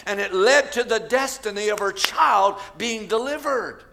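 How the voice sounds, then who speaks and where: A man preaching a Mother's Day sermon with an American accent, swinging from shouted cries to hushed storytelling. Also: high voice, a little slow, creaky. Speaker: pastor.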